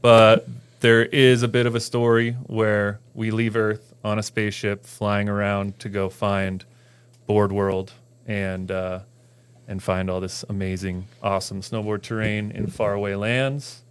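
A man's voice: fairly low pitch, little pitch movement, unhurried, clean tone. A man, a snowboard filmmaker guest, chatting casually on a podcast, loose and rambling with many fillers.

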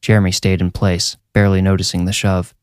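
Low-voiced man narrating horror. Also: level tone, brisk, clean tone, no echo. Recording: narration over loud music.

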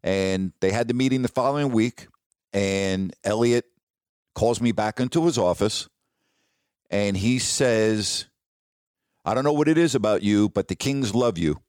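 A middle-aged man, a sportscaster, telling stories from his career in an animated, anecdotal way. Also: lowish voice, unhurried, long pauses, no echo, clean studio sound. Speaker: sportscaster guest. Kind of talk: casual storytelling on a podcast.

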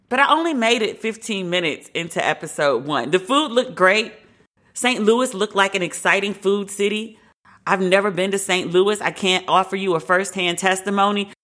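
Bright-voiced woman podcast host, candid. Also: lowish voice. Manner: candid, opinionated, conversational with occasional profanity. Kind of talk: casual commentary.

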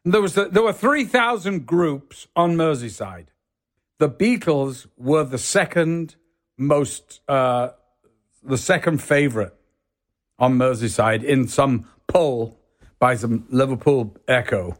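An older English man with a soft northern Yorkshire accent, a guest actor telling rambling stories in casual chat, full of "you know"s. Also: mid-range voice, slow pace. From England. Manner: rambling storyteller, many "you know"s, does voices in quotes.

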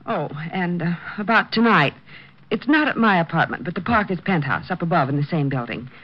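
A woman's voice: lowish voice, lively intonation, fairly quick. An actress playing a fretful young woman doting on her detective boyfriend in a 1940s radio drama. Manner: anxious, doting. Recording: dull noisy old radio recording.

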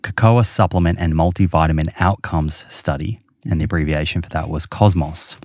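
A man's voice: rumbling low, fairly even intonation, normal speed, darkish tone, dry recording. A man hosting a podcast, explaining research casually with many fillers. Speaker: podcast host. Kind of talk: casual chat.

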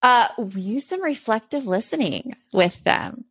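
A woman's voice: a little high, lively intonation, a little slow, a bit bright, slightly rough, no room sound. A woman co-hosting a casual parenting chat, earnestly explaining tips and laughing easily. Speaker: podcast co-host.

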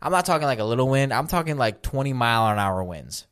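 A man's voice: mid-range voice, fast talker. A young man co-hosting a casual podcast, telling a story with lots of swearing and laughter. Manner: animated storyteller, swears often and laughs through his stories. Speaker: podcast co-host.

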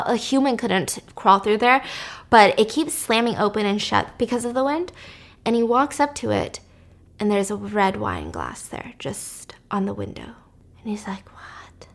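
A woman casually retelling the plot of a drama, animated and dropping to a whisper at tense moments. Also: medium pitch, normal speed, creaky. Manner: animated, drops to a whisper for suspense. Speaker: storyteller recapping a drama. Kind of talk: casual storytelling recap.

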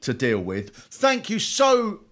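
A man's voice: high-pitched, wildly swooping pitch, slow pace, fairly bright tone. A man from England hosting a comedy podcast in casual joking chat. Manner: jokey, slips into mock voices. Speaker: podcast host.

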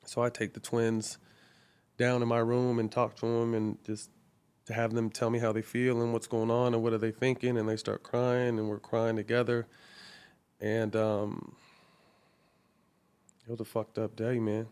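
A middle-aged man in a casual interview, speaking candidly with profanity and frequent halting restarts. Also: mid-range voice, monotone, darkish tone, smooth. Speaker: guest.

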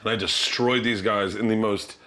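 A man in his thirties hosting a casual chat, telling stories with lively energy and laughing through his punchlines. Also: on the low side, moderate pace. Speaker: host and comedian.

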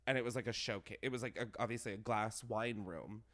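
A young man hosting a podcast, chatting casually in a gossipy, animated way, laughing often and saying "like" a lot. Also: lowish voice, fast. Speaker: podcast host. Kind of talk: casual chat.

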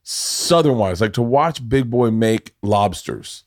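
A man's voice: medium pitch, animated, slow pace. A man from the American South hosting a podcast, rambling and emphatic, swearing freely in casual chat. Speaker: podcast host.

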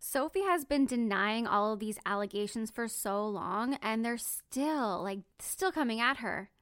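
A woman's voice: a little high, animated, a little slow, fairly bright tone, clean tone, dry recording, clean studio sound. A woman hosting a true crime podcast, telling the story bluntly and emphatically, swearing casually.

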